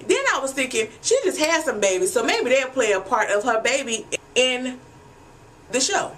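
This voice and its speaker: A woman's voice: a little high, fairly bright tone. A woman talking straight to her viewers in a casual recap vlog, blunt and chatty, swearing freely and calling them y'all. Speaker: TV episode recapper.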